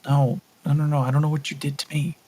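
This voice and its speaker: A frightened young captive woman stammers out rushed, breathy pleas in a raised, husky voice, as a man puts her on. The talk tumbles fast and breaks into repeated words. It is a tabletop role-play voice. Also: a little high, level tone, a little mellow, lightly acted, rough recording. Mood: frightened, pleading. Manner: panicked, stammering pleading.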